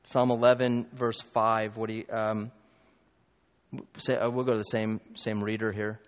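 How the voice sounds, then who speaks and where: A man's voice: fairly low pitch, flat delivery. Man preaching, emphatic, ringing church hall. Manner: emphatic, rising to loud peaks, quick asides. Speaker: pastor. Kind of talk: sermon. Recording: long reverb, dull lo-fi.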